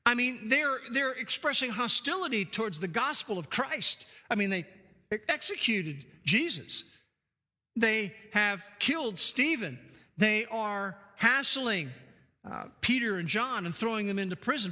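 Male preacher, very high, forceful voice, stressing points by repetition. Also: animated, moderate pace. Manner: emphatic, repeats key phrases for stress. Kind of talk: sermon. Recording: long hall reverb.

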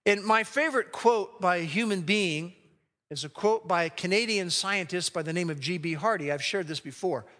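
A man preaching a sermon as a pastor, emphatic and slowing down to read scripture aloud. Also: high voice, a bit bright. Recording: long hall reverb.

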